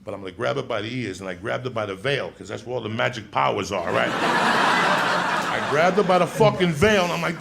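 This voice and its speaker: A male stand-up comedian telling a story in a loud, profane way, often shouting. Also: high-pitched, animated, brisk, vocal fry. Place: comedy club stage. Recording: roomy club recording with crowd laughter. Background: audience laughter and room noise.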